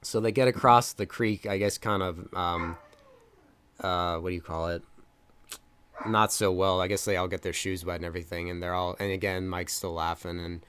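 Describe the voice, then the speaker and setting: A young man co-hosting a film review podcast speaks at a normal speed in a low, steady voice with a fairly bright tone, over slight background noise. In casual chat, he rambles through scenes with lots of fillers and acts out the lines.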